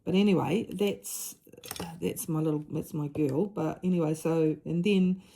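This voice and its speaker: A middle-aged woman with a low, mellow voice shares a personal story in an unscripted vlog chat. She speaks earnestly, stops and restarts her sentences often, and keeps a relaxed, conversational flow. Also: creaky, a little hiss or hum. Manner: earnest, halting, with many restarts. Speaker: mother and diamond-painting vlogger.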